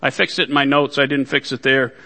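A man's voice: mid-range voice, little pitch movement, brisk, bright, forceful tone, in a large hall. A man preaching a sermon to his congregation, folksy, with joking asides. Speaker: pastor.

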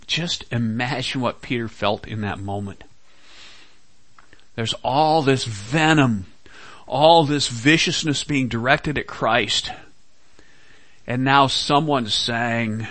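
Guy preaching a sermon real slow, dramatic, dry close sound. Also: mid-range voice, a bit bright, no echo. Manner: slow, dramatic delivery with quoted dialogue. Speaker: pastor.

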